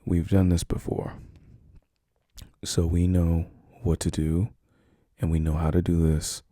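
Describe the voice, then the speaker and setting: A man speaking softly and soothingly as a caring boyfriend in a whispered role-play. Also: low-pitched, flat delivery, no room sound, clean studio sound. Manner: soft, slow, soothing reassurance.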